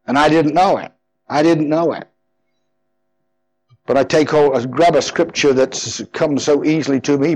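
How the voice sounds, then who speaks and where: A man's voice: mid-range voice, poor audio. A man preaching a sermon as pastor, fervent and emphatic, often repeating his phrases.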